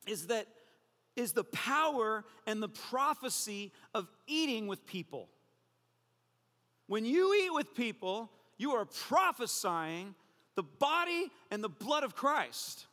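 A pastor giving a sermon, an animated, joking storyteller who drops his voice low for emphasis. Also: takes it slowly, big-room sound.

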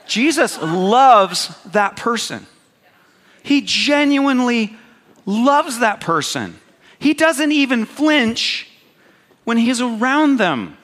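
A man's voice: sits high, big pitch swings, measured pace, bright, forceful tone, in a large hall. A man preaching a sermon as pastor, talking in a conversational, humorous way and often checking in with his congregation.

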